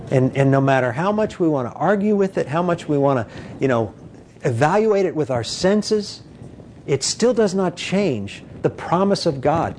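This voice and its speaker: A man preaching a conversational sermon, animated and full of "you know", acting out quoted voices. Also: slight background noise. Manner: animated, acts out quoted voices with big pitch jumps.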